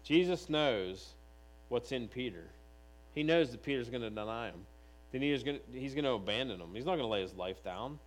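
Animated preaching man with mains hum. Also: mid-range voice, brisk, rough recording. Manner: animated preaching, reads scripture aloud, voices the figures of the text. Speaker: pastor. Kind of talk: sermon.

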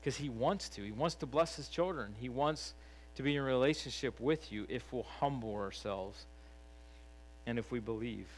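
A middle-aged man delivers a sermon in an earnest, conversational tone. He talks plainly, like he is chatting with the congregation, and lifts his voice to stress key points. His pitch sits in an ordinary middle range, with a faint hum behind him. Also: normal speed, low-quality recording. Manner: earnest, conversational preaching with emphatic rises. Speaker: preacher.

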